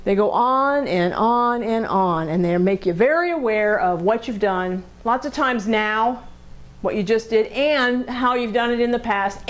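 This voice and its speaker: A woman's voice: on the high side, poor audio. A woman counselor leading a group lesson in a group room, talking conversationally, asking the group questions and acting out angry voices.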